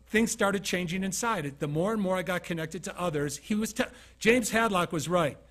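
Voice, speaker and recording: A man's voice: sits high, moderate pace, a bit bright. A man from Utah giving a motivational keynote talk, telling stories conversationally and asking the audience questions. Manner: conversational storytelling, asks the audience questions, acts out scenes. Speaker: keynote speaker.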